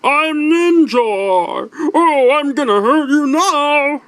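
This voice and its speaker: A man voicing a goofy, blustering male ninja master in an exaggerated cartoon voice, loud and drawn out. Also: very high voice, very slow, no room sound, pitched above the performer's own voice, full character voice.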